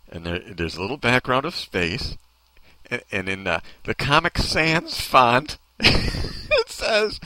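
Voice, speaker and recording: A man's voice: mid-range voice, big pitch swings, measured pace, sharp tone, no room sound. A man hosting a talk show, ranting in a sarcastic, mocking way and needling people off mic. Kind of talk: comedic opinion rant.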